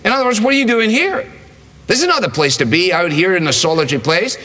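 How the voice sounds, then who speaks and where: A preacher putting on a high, eager follower. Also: male voice, expressive, fast, bright, forceful tone. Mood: urgent, excited. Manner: rising, insistent urging. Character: eager excited male follower, pushy and breathless. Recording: long reverb of a large hall.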